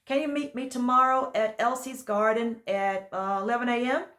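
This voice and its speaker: Relaxed young male student, easygoing, read by a woman in a storybook reading. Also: a little high, moderate pace, reverberant, voice pushed up, natural voice. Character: laid-back Scottish male graduate student.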